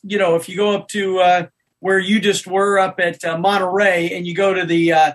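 A man, a podcast guest, telling an animated story in casual chat. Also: high voice, normal speed.

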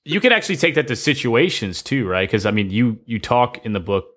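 A man's voice: medium pitch, sing-song, brisk, fairly bright tone, breathy edge. A man hosting a podcast, asking rambling questions and joking enthusiastically. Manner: jokey, enthusiastic, self-interrupting questions. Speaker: podcast host. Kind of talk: casual podcast interview.

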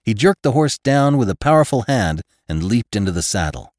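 A man reading a classic western novel aloud as a podcast narrator, with measured, dramatic storytelling and grim, low-voiced character lines. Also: big pitch swings, darkish tone, no room sound, clean studio sound. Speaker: audiobook narrator. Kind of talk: scripted narration.

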